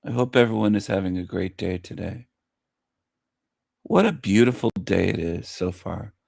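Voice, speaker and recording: A man's voice: low-pitched, moderate pace, vocal fry, darkish tone, dry recording, studio quality. A man hosting a casual livestream, repeating phrases in a gleeful, mocking way. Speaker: livestream host.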